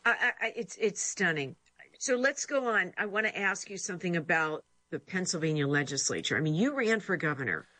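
A woman's voice: fairly low pitch, animated, a little fast, bright, forceful tone, no room sound. A woman hosting a remote news interview, asking pointed questions in a sympathetic way. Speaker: interview host.

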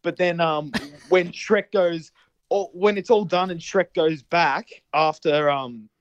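A man recounting a film plot in rambling, animated casual chat, swearing freely. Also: fairly high pitch, takes it slowly, no room sound, highs cut off.

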